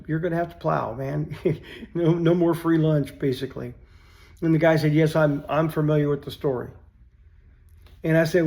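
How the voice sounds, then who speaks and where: A man's voice: a little high, gravelly, dark tone. An older man telling a story in a folksy, rambling way, often repeating "I said", then reflecting on faith.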